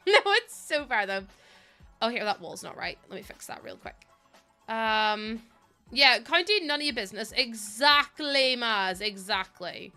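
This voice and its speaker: Northern irish girl streaming, chatty and giggly, bright slightly high voice. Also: animated, unhurried, soft background music. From Northern Ireland. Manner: chatty, laughs often, rambling asides. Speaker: game streamer. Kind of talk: casual live-stream chat, greeting viewers.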